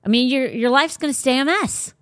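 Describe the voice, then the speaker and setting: A woman's voice: high-pitched, fairly quick, fairly bright tone, no room sound, studio quality. A woman hosting a faith podcast, talking casually but bluntly and emphatically. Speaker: podcast host.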